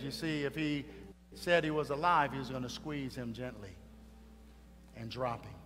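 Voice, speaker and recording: A man preaching a funeral sermon, dramatic, swinging between hushed tones and loud calls. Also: mid-range voice, fairly even intonation, moderate pace, long pauses. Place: church funeral service. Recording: reverberant hall with faint music.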